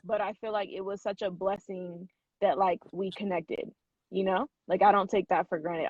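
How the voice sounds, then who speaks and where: A woman's voice: mid-range voice, steady tone, moderate pace, darkish tone, husky, no echo. A young woman hosting a podcast, chatting casually and teasing her guest, laughing often. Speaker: podcast host. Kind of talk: casual chat. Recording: dull lo-fi sound.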